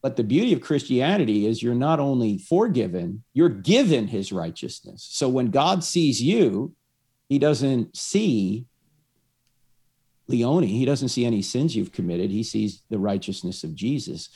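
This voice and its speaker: A man's voice: medium pitch, big pitch swings, a little slow, warm tone, husky. A man explaining his faith to one listener through a story, acting out the lines of the people in it. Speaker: evangelist.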